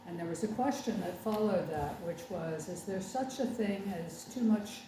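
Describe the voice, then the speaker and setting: A woman's voice: medium pitch, normal speed. An older woman minister giving a chatty, wry sermon with sarcastic asides. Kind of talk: conversational sermon. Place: congregation meeting room. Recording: echoey room from far off with faint background noise.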